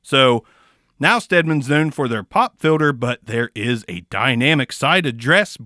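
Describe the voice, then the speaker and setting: Southern-accented man, casual mic reviewer, crude and goofy, lively pitch, dry sound. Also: measured pace, dry recording. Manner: goofy, swearing, crude jokes, sudden loud outbursts. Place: small home studio.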